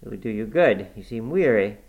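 A man voicing a brisk, motherly middle-aged housekeeper who fusses over her guest. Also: on the low side, expressive, gravelly, dull audio. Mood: bustling. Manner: brisk, fussing, hospitable. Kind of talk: audiobook character voice.

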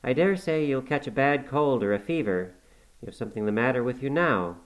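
A man's voice: medium pitch, lively intonation, fairly quick, lightly acted, rough recording. A man reading aloud and voicing an anxious, prying middle-aged housekeeper in a storybook. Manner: pleading, prying questions.

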